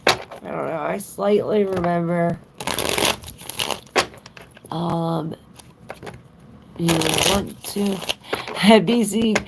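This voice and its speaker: A woman's voice: mid-range voice, vocal fry, very noisy. A woman giving a casual live-stream tarot reading, chatting with viewers and answering their comments aloud. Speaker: tarot reader.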